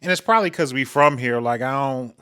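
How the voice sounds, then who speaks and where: A man with a Detroit accent, co-hosting a podcast and telling stories in a relaxed, blunt way. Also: medium pitch, fairly quick, smooth. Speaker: podcast co-host. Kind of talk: casual chat.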